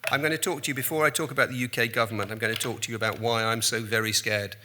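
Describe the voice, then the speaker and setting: A man's voice: mid-range voice, steady tone, racing, bright, forceful tone, slight background noise. A man in his sixties giving a conference talk as a journalist and keynote speaker, telling rambling, self-deprecating anecdotes with frequent restarts.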